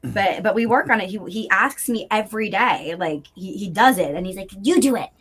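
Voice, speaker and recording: A bubbly, talkative woman in a live interview, speaking at an ordinary middle pitch. She rambles happily with plenty of fillers and quick laughs. She comes through a video-call mic. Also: fairly bright tone, husky. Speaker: guest voice actor. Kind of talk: casual live interview chat.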